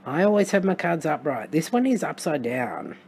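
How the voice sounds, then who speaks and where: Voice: medium pitch, sing-song, moderate pace, a little mellow, slightly rough. A tarot reader with an Australian accent, talking through a reading in a casual, musing way with wry, sarcastic asides. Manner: thinks aloud with frequent restarts and fillers.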